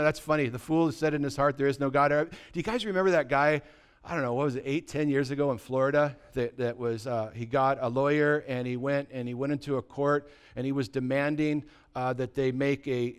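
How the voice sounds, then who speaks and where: A man's voice: mid-range voice, steady tone, moderate pace, clear, resonant tone. A pastor preaching a sermon, asking his congregation rhetorical questions and telling a story with acted-out dialogue. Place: church.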